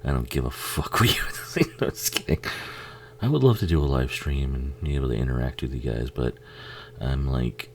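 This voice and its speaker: A man's voice: very deep voice, expressive, normal speed, slight background noise. A man giving a casual, rambling watch-along commentary on a film, swearing freely and laughing often.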